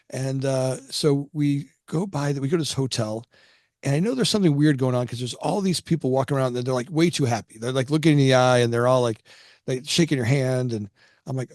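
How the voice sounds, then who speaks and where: A middle-aged man talks through his past in a loose, rambling storytelling style. He stumbles over and repeats words, slipping into other people's voices when he quotes them. His voice sits at an ordinary pitch, and the sound is dry and close. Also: fast, darkish tone, dry recording. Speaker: podcast guest. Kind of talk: casual storytelling.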